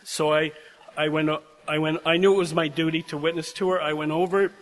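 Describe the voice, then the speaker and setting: An older man with a somewhat high voice gives an earnest, heartfelt address to graduates. His storytelling is emotional, and he sounds close to tears at times. The long reverb of a large chapel trails after his words. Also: flat delivery, brisk, fairly bright tone. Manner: heartfelt, emotional, prone to tearing up. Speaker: guest speaker addressing seminary graduates.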